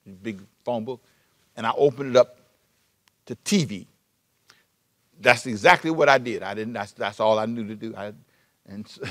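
A male pastor preaching a sermon, animated and repeating himself as he restarts phrases. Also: medium pitch. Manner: animated preaching, sudden shifts between loud emphasis and soft asides.

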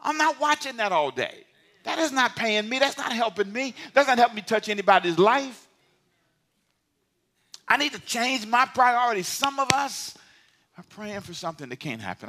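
Animated, bright-voiced man preaching. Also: high-pitched, moderate pace. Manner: animated preaching, swinging from shouts to near-whispers, conversational asides. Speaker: pastor. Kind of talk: sermon. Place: church sanctuary.

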